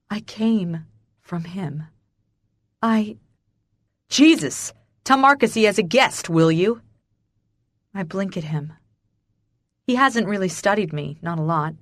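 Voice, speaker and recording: Woman, romance audiobook narrator, first-person, emotional and breathless, low voice, dry close sound. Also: dry recording.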